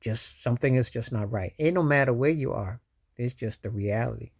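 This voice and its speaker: A man's voice: medium pitch, a little fast, gravelly, a little mellow. A man giving casual, emphatic commentary on a video channel, rambling and preachy at times. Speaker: YouTube commentator.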